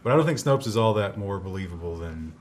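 A low-pitched man chats skeptically as a podcast co-host, backtracking and restarting mid-thought. A faint hum of room ambience sits behind his voice. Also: animated, fast. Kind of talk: casual chat.

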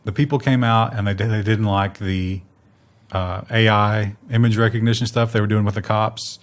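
A man's voice: lowish voice, fairly even intonation, normal speed. Joking man co-hosting a news chat. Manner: joking, mock voices, ironic. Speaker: co-host.

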